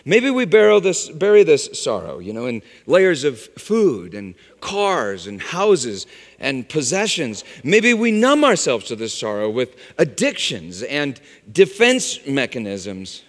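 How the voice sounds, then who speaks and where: A man preaching a sermon, swinging from loud exclamations to hushed, low phrases. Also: wildly swooping pitch, takes it slowly. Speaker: pastor. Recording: long hall reverb.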